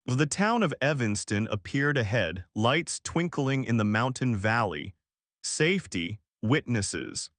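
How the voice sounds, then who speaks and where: A male narrator reads a first-person horror tale in an unhurried, deliberate voice of middling pitch. The recording is dry and close, with no room sound around him. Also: very animated, a bit bright, no room sound. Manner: slow, measured storytelling delivery. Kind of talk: scripted horror story narration.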